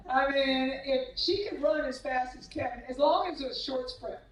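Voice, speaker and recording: A woman's voice: high voice, moderate pace. A woman tennis coach giving a humorous banquet speech, teasing former players with anecdotes and acting out their voices. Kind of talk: humorous after-dinner speech. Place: banquet hall at a club. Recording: echoey banquet hall, mic from a distance.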